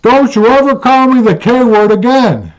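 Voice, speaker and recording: A man's voice: high-pitched, huge pitch swings, moderate pace, dark tone, pitched above the performer's own voice, heavily acted. A man putting on a stubborn, indignant girlfriend. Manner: insistent, argumentative. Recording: dull lo-fi sound.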